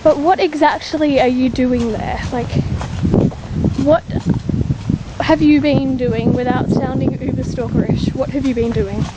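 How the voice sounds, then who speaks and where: A woman's voice: high voice, fairly even intonation, measured pace, heavy background noise. An Australian woman vlogging in a rambling, chatty, self-mocking way. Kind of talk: casual vlog chat.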